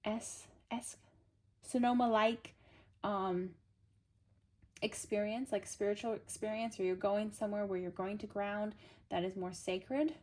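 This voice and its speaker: A woman's voice: mid-range voice, fairly even intonation, a little slow, a little mellow, slight background noise. Woman doing a tarot pull for her viewers, chatty and upbeat, reads the card meanings then riffs. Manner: talks straight to the viewer, upbeat and coaxing. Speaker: tarot reader. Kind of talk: casual tarot reading to viewers.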